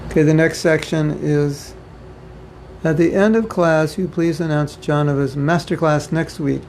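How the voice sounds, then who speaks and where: Speaking a little slowly, a man with a fairly high, fairly even and slightly mellow voice gives devotees an informal spiritual lecture. He is from the United States and keeps it conversational, with jokes and frequent repetition. The rough recording has slight background noise and faint ambience from a home or temple room.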